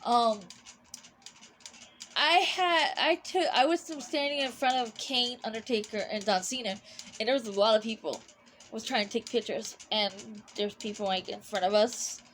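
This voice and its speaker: A young woman with a slightly high voice tells a story from her own life. She rambles, stops herself and starts over, with plenty of fillers along the way. A faint noise hums behind her. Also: fairly bright tone. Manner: rambling, halting, with many restarts and fillers. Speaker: vlogger. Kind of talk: casual storytelling.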